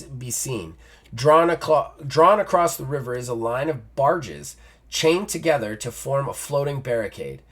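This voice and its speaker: A man's voice: medium pitch, a bit bright. A man hosting a solo gamebook play-through, reading the passages aloud and breaking off for casual joking asides. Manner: reads text then jokes in casual asides. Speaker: host.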